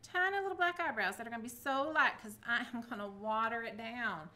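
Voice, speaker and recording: Bright chatty woman crafting. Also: a little high, fairly quick. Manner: chatty, self-encouraging, talks to viewers. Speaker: craft vlogger. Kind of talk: casual craft tutorial.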